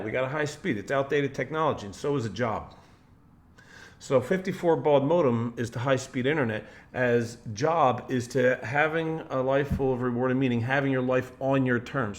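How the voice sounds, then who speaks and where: A man speaking in a casual, rambling monologue as a motivational speaker, often restarting sentences and switching into quoted voices. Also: mid-range voice. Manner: rambling, with frequent restarts and "like" fillers.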